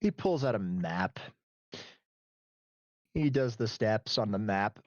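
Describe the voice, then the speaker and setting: A man's voice: fairly low pitch, animated, slow pace, pauses often, no echo, lo-fi sound. A man narrating as game master in a loose, casual way.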